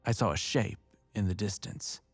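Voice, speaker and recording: A man narrating a first-person horror story in a measured, steady way. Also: lowish voice, no room sound. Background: faint music.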